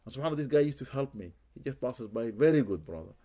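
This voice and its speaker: Warm and expressive, this medium-pitched man talks fast as he tells stories in response to interview questions. A Muslim spiritual healer, he scatters Arabic religious phrases throughout and repeats words to stress them.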